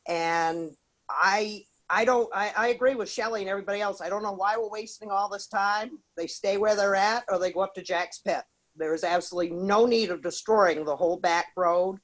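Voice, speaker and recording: A woman's voice: medium pitch, normal speed, rough recording. A woman with a Maine accent, calling in to a town meeting to give an angry, emphatic public comment. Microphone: remote call-in.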